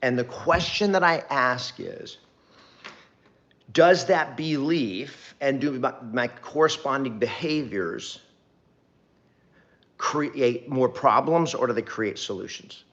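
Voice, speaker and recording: A man's voice: medium pitch, takes it slowly, a bit bright, dull audio. A middle-aged man, a real estate trainer, giving an earnest, rambling motivational talk to camera and repeating phrases for emphasis.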